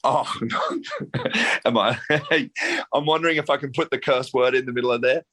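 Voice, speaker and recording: A man's voice: mid-range voice, fairly even intonation, normal speed, a bit bright. An Australian man, a rock singer, chatting playfully as an interview guest and laughing often. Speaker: band vocalist, guest. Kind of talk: casual interview chat.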